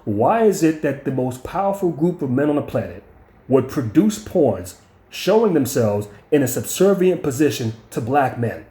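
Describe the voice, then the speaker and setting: A man's voice: medium pitch, very animated, normal speed, warm tone, echoey room. A man telling stories and ranting bluntly, with heavy profanity and words repeated when he gets heated. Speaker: channel host. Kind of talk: profane storytelling rant.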